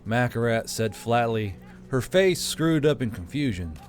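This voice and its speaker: A male storyteller reading a story aloud at a mid pitch. His delivery is steady and measured, with no showy flourishes. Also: slight background noise. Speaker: audiobook narrator. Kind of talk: scripted story narration.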